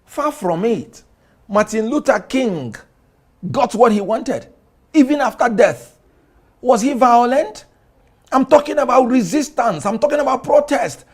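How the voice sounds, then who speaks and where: A man with a Nigerian accent, giving an impassioned political interview as a lawyer guest, declaiming and rising to shouts. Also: very high-pitched, lively intonation, unhurried.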